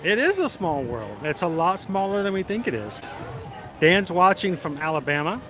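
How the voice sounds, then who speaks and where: A man's voice: high-pitched, sing-song, moderate pace, fairly bright tone, slight background noise. A man hosting a casual live stream from a theme park, chatting and reading out viewers' names and hometowns. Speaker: livestream host.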